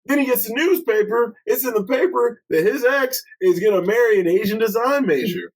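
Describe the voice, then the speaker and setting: A man's voice: extremely high pitch, brisk, rough recording. A man co-hosting a podcast, telling stories in a profane, laughing, casual way and acting out scenes. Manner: profane, laughing storyteller who acts out scenes. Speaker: podcast co-host. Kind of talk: casual movie review chat.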